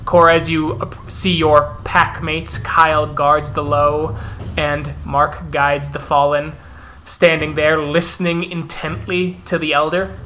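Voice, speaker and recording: A man narrating as storyteller of a tabletop role-playing game, describing scenes in an unhurried way. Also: on the high side, level tone, bright, forceful tone, a little hiss or hum.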